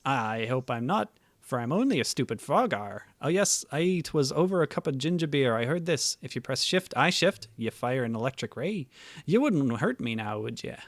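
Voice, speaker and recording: A man's voice: mid-range voice, very animated, moderate pace, no room sound. A man voicing a pirate-talking male game character, reading the game's dialogue in a hammy, sing-song pirate voice.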